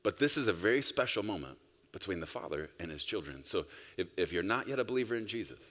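Man, pastor, sermon, low voice, emphatic, long hall reverb. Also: very animated, fast. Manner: emphatic, rising to loud bursts then dropping soft. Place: church sanctuary.

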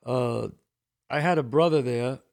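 An older man with a Bronx New York accent hosts a podcast, telling casual stories and acting out the voices of the people he quotes with animated flair. He talks a little slowly in a mid-range voice marked by vocal fry.

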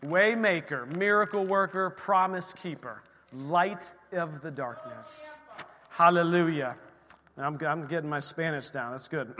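Male pastor, slightly high, bright and emphatic, losing his voice, long church reverb. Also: a little slow. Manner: emphatic, exclaiming praise, frequent amens. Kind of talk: sermon. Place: church sanctuary.

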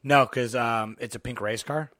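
A man's voice: mid-range voice, normal speed, no room sound. Rambling profane man, dry close sound. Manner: rambling, profane, animated storytelling. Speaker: podcast co-host. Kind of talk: casual chat about movies.

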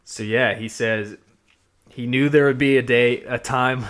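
A young man with a South Georgia accent talks through a show recap with a casual, excited energy. His voice sits at a middling pitch. He quotes scenes and goes on at length about what he likes. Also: measured pace. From Georgia, USA. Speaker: podcast co-host.

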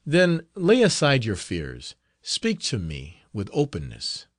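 A man's voice: on the low side, huge pitch swings, slow, dry recording, studio quality, heavily acted. A man voicing a middle-aged friar in an audiobook, speaking in an earnest, fatherly, reassuring manner. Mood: tender. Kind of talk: audiobook character reading.

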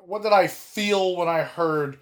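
A man co-hosting a casual wrestling podcast, talking animatedly with emphatic, drawn-out words and frequent restarts. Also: sits high. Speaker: podcast co-host.

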